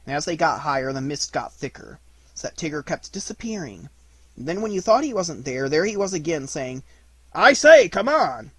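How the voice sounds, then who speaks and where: A man reading a children's storybook aloud in an expressive narrating voice. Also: a little high, a little fast, slightly rough, dry recording. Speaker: audiobook reader.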